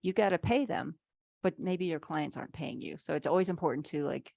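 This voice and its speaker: A woman's voice: low voice, lively intonation, brisk, vocal fry, dark tone, no echo. A woman giving a casual online workshop on business finances, chatty, full of "like"s and playful acted asides, speaking over a video call.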